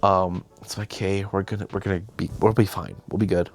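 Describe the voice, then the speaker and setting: Low-voiced young man telling a story. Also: fairly even intonation, fairly quick. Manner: chatty, self-deprecating, quotes himself and others. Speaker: host. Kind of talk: casual storytelling.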